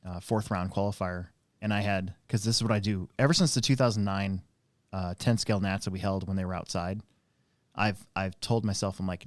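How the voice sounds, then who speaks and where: Low-voiced man telling rambling stories. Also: fairly even intonation, a little fast, no echo. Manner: rambling anecdotal storyteller, many fillers. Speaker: host and RC track operator. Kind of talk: casual live-stream chat.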